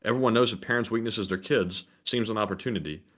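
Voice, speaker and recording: A man's voice: lowish voice, quick pace, a bit bright. A man co-hosting a livestream, reading out donor names and messages and sometimes stumbling over names. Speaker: co-host reading donations.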